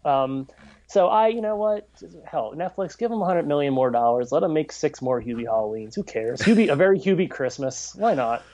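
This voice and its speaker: A man's voice: fairly high pitch, expressive, brisk, darkish tone. A man co-hosting a podcast, chatting casually and stumbling over restarts. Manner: chatty, many restarts and stammers. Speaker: podcast co-host. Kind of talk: casual chat. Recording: dull lo-fi audio.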